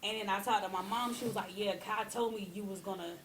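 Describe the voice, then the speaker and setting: A young woman speaks in a relaxed interview, running on candidly about her days as a hairstylist. Her voice sits at an ordinary middle pitch. A faint hum of room ambience runs underneath. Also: quick pace. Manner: candid, talks in long runs with frequent "you know what I'm saying". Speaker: hairstylist and guest. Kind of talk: casual interview chat.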